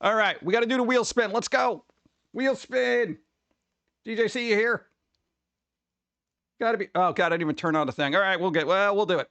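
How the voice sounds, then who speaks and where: A man's voice: high voice, moderate pace, long pauses, a bit bright. A man chatting casually on a live stream, rambling and joking as he reads chat aloud.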